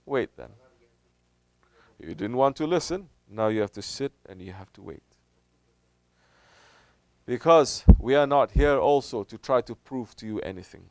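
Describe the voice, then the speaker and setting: A man preaches in a lively, animated manner. He often rises sharply to mimic skeptics, then drops low to warn. His voice is smooth and resonant, recorded close and dry. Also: normal speed, long pauses, no room sound. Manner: animated, acts out doubters in raised voice. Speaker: Sufi teacher. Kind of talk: sermon answering questions.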